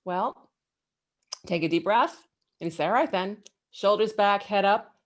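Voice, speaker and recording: A middle-aged woman, an executive guest, giving motivational advice in an interview with emphatic, animated delivery. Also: moderate pace. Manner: emphatic and animated, with big swings in pitch.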